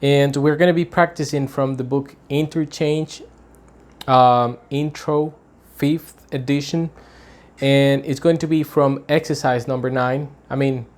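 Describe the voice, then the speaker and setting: A man's voice: on the high side, darkish tone. A man teaching an English pronunciation lesson, explaining patiently, repeating example sentences and checking in with "right?".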